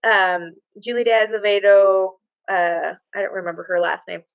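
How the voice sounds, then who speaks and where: A woman's voice: medium pitch, fairly even intonation, normal speed, creaky, clear, resonant tone, no room sound, dull audio. A woman in a casual book club discussion, talking chattily with many fillers and restarts.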